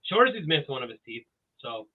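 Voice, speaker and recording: A Canadian man, a guest on a casual podcast, joking loudly and breaking into comic voices. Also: medium pitch, brisk, husky. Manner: excitable, jumps into loud joking voices. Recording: tinny phone-like line.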